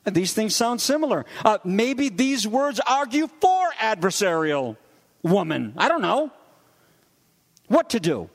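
Animated preacher with hall reverb. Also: male voice, high voice, a little slow. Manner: conversational, animated, acts out quoted voices. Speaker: pastor. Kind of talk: sermon.

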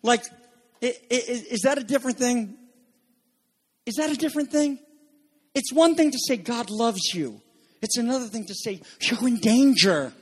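A man preaching an urgent sermon, swinging between loud pressing warnings and low quiet passages, repeating phrases and asking his listeners questions. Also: lively intonation, moderate pace, husky. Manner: repeats phrases for emphasis and asks the audience questions.

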